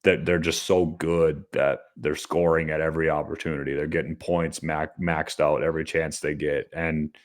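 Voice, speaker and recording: A man co-hosting a podcast, chatting casually with a relaxed manner and dry jokes. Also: extremely low pitch, moderate pace, few pauses. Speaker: podcast co-host. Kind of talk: casual chat.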